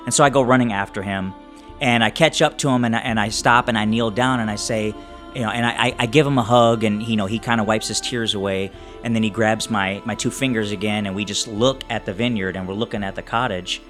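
A man's voice: lowish voice, steady tone, fairly bright tone. Guy telling what his character does in a tabletop game, stops and restarts a lot, faint music behind. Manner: halting, many restarts while describing scenes. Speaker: player.

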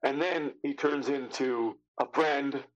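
A man's voice: mid-range voice, slow pace, muffled recording. A man in his fifties, an actor guest telling stories casually, acting out what others said and swearing freely. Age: 50s. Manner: animated, acts out quotes of others, casual swearing. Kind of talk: casual anecdotal storytelling.

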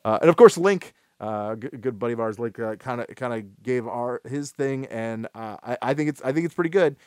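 A man hosts a relaxed gaming podcast and talks at a middling pitch, rambling and restarting his sentences with plenty of fillers. The sound is dry and close, with no room around it. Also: a little fast, clean tone, no echo. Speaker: podcast host. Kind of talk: casual gaming podcast chat.

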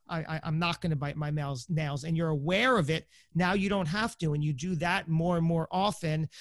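High-voiced man explaining a coaching method. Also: dry recording, clean studio sound. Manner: explains step by step, acts out inner thoughts. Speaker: podcast guest.

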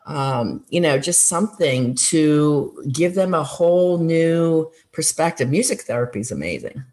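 A woman's voice: sits low, a little mellow. Earnest encouraging woman counselor. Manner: earnest, encouraging, many fillers. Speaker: former school counselor, guest. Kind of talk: conversational interview answers.

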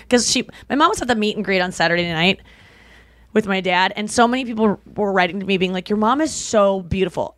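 A woman's voice: mid-range voice, fairly bright tone, no echo, studio quality. A young woman co-hosting a podcast, telling stories in a chatty, gushing way full of "like" fillers. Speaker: podcast co-host. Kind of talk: casual podcast chat.

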